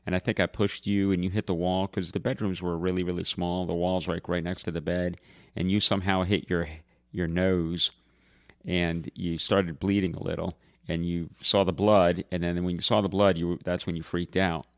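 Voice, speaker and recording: A man's voice: sits low, moderate pace, clean tone. Laughing man telling a family story. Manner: animated storyteller, laughing while telling stories. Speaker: podcast co-host. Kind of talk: casual family chat.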